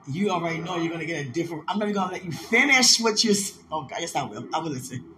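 A person praying aloud in ecstatic prayer, emotional and laughing, swinging from loud cries to hushed whispers. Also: medium pitch, lively intonation, fairly quick, a little hiss or hum. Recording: roomy echo with soft music.

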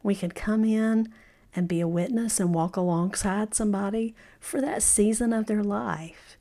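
A woman's voice: medium pitch, steady tone, normal speed. A middle-aged woman hosting a podcast, giving an encouraging talk and telling stories, often saying "you know" and laughing now and then. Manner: warm storytelling with frequent "you know" and laughs. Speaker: podcast host. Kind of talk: motivational podcast monologue.

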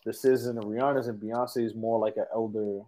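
A man's voice: on the low side, fairly even intonation, quick pace, warm tone. A man co-hosting a casual music talk show, blunt and slangy in his opinions.

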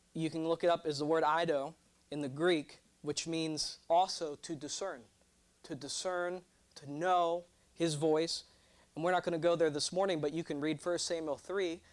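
A young man preaching a sermon, animated and joking, drawing responses from his congregation. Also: a little high. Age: 20s. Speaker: pastor.

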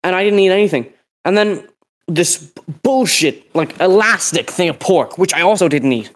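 A teenage boy with a fairly high voice rambles through a story in casual podcast chat. He acts out the people he quotes as he goes. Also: expressive, moderate pace. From Northern Ireland. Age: teens. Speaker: podcast co-host.

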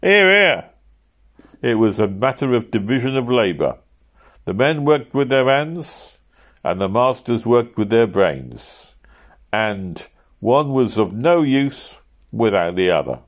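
A man narrating a novel aloud at a steady pace, lifting his voice for shouted quotes. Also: medium pitch, unhurried. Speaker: audiobook reader.

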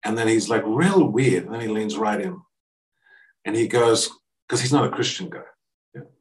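A man's voice: on the low side, normal speed. A man from Australia, a guest speaker telling a story to a live audience. He acts out the quoted dialogue and often restarts his sentences. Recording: voice picked up from a distance.

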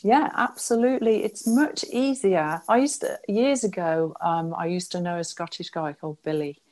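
Earnest woman, lowish voice. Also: normal speed, darkish tone. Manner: earnest, explains with restarts and "you know". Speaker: spiritual healer guest. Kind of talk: casual conversation.

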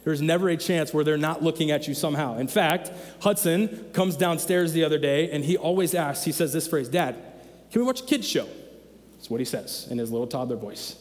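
A man's voice: a little high, fairly quick, few pauses, in a large hall. A man in his thirties preaching a sermon as pastor, conversational and emphatic, repeating his key phrases. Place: church sanctuary.

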